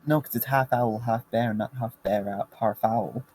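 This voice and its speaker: A man's voice: medium pitch, steady tone, normal speed, a little mellow, a little hiss or hum. A British man playing a tabletop game, bantering playfully with the table. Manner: playful, joking asides. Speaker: player.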